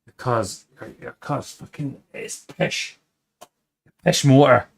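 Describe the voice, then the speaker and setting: Man putting on a gruff Scottish mechanic. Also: mid-range voice, slow, pitched above the performer's own voice. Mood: gruff dismissive. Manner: gruff, dismissive, swears constantly. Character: blunt sweary Scottish male mechanic.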